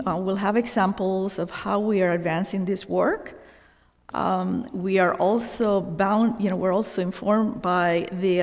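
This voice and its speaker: A woman giving a formal presentation to a university board, earnest and halting, with many ums and you knows. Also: medium pitch, vocal fry, darkish tone. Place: meeting room at a board session. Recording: long hall reverb.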